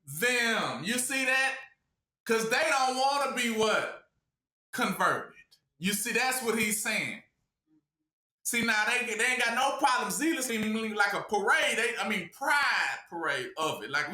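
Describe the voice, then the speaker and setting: A male preacher delivers a sermon with a high, bright voice, firing questions for his listeners to answer. He talks with steady emphasis. The room rings with echo. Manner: call-and-response questioning, emphatic.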